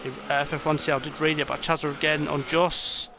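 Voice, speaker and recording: A young man commentating an online racing game, excitable and rambling with many fillers, and tired. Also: fairly high pitch, fairly quick, creaky. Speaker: race commentator. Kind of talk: esports race commentary. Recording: noisy, with game car sounds behind.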